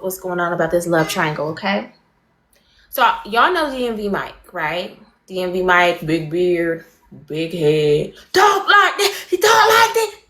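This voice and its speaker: Fast-talking woman livestreamer spilling gossip. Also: a little high, roomy sound. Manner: rapid, animated storytelling, greeting viewers mid-sentence. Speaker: livestream host. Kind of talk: chatty gossip recap to live viewers.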